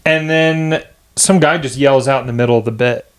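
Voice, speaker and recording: A man's voice: mid-range voice, normal speed, a little hiss or hum. A male comedian on a podcast, telling a story in a crude, rambling way and laughing often. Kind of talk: casual chat, storytelling.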